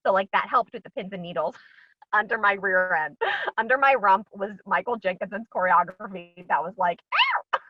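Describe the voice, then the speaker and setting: An actress guest chats in a casual interview over a video call, bubbly and full of ums and laughs. Her medium-pitched voice moves at normal speed, and the audio is dull, dry and lo-fi with no room sound.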